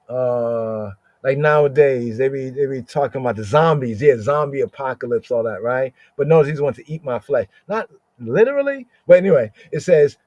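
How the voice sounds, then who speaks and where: A man teaching a scripture lesson for a podcast. He sounds out Hebrew words slowly and keeps checking in with "right?". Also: mid-range voice, darkish tone, dry recording, muffled recording.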